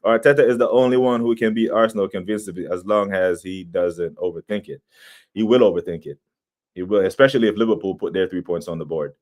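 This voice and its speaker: A man's voice: deep voice, fast. Opinionated man talking football. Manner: animated, opinionated, reads chat aloud. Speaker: football podcast host. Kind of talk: casual livestream chat.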